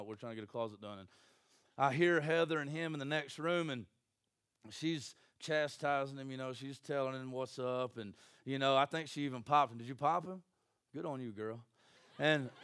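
A man, preaching a sermon in a church with jokey, animated storytelling and acted voices. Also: on the high side. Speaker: pastor.

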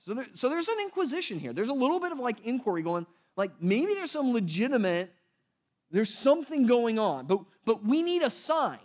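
A male pastor preaching in a loose, conversational way, often slipping into voices for the people in the story. His voice sits high and swings widely in pitch. He sounds lively and talks like a friend rather than from a script. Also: a little fast. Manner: animated, conversational, acts out voices in quotes. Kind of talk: casual sermon.

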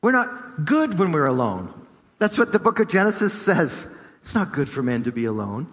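Male pastor, emphatic sermon delivery with repeated phrases, raised pitch, long hall reverb. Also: sing-song, normal speed, a bit bright.

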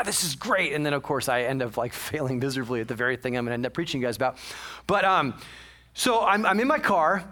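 Bright, high-voiced chatty preacher man. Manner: chatty and self-mocking, many asides. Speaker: pastor. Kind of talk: casual storytelling sermon.

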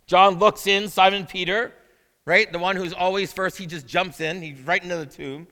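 Male pastor, high and bright, chatty preaching style, long echo of a big church hall. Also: steady tone, moderate pace. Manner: conversational preaching, asks the audience questions. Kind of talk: sermon. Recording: long reverb of a large hall.

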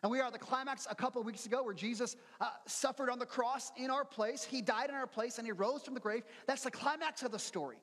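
Middle-aged male pastor, high voice, conversational sermon, long reverb. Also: quick pace, few pauses, a bit bright. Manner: conversational, earnest, repeats words when starting sentences.

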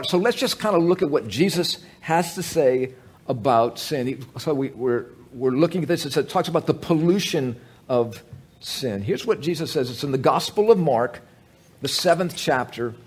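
A man preaching a sermon, joking with the congregation and telling animated stories, with many fillers and restarts. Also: fairly high pitch, normal speed, slightly rough.

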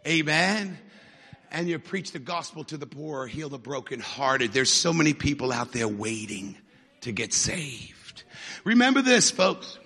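A man preaching a fiery sermon, often shouting and building to fervent peaks. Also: medium pitch, measured pace, gravelly, husky, big-room sound.

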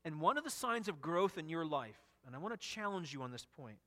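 A man's voice: a little high, big pitch swings, brisk, pushed and bright, big-room sound. A man preaching an expository sermon, earnest and emphatic, often repeating and restarting phrases. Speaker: pastor.

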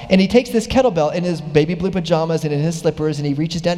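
A male preacher with a slightly high voice tells a story from the pulpit, growing more animated as he goes. His words ring out into a long hall reverb. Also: quick pace, hardly any pauses. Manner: animated storytelling, voice rising with excitement. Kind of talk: sermon.

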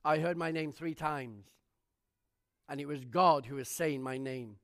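A man preaching a sermon, telling his own testimony with animated storytelling and fervent rhetorical questions. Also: on the high side, unhurried.

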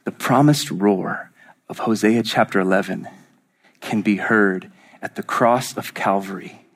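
A man preaching a sermon as pastor, swinging from loud rising lines to hushed whispers. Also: fairly low pitch, unhurried.

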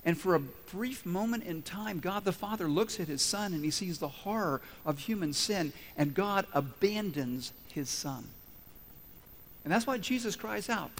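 A man's voice: sits high, animated, measured pace, fairly bright tone, big-room sound, slight background noise. A pastor preaching a sermon to his church, who asks the congregation questions and answers them himself.

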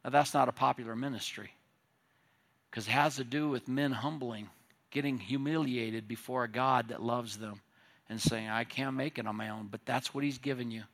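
A male pastor preaching a sermon, rising to loud emphatic peaks and dropping to low, hushed asides. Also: fairly even intonation, moderate pace.

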